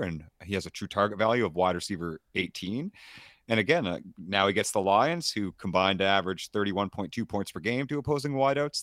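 A man co-hosting a casual fantasy football podcast, from Canada, walking through player stats in an energetic breakdown. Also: on the low side, no room sound, clean studio sound. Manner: stat-heavy, energetic breakdown. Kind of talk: casual sports podcast analysis.

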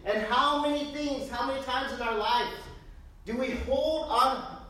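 A woman pastor preaching a sermon in a lively, joking way, full of rhetorical questions, in a church. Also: sits high, a little slow. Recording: very echoey room, distant mic.

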